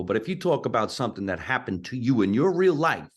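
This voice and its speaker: A man with a heavy New Jersey accent talks at a middle pitch. He tells stories with punch and energy and drops easily into little character voices. His style is relaxed, casual interview talk. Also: quick pace, husky. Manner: animated, punchy storytelling, slips into character voices. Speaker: stand-up comedian, guest.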